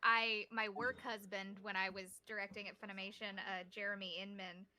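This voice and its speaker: A woman, a guest voice actor, chatting in a relaxed, thoughtful way that trails off in fillers. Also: medium pitch, moderate pace. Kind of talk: casual chat.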